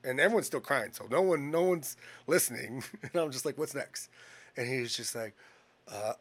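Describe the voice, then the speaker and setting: A man's voice: medium pitch, moderate pace. A man casually telling a long personal story, swearing often and jumping between restarts and acted-out dialogue. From Hispanic heritage. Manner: profane, rambling, animated retelling.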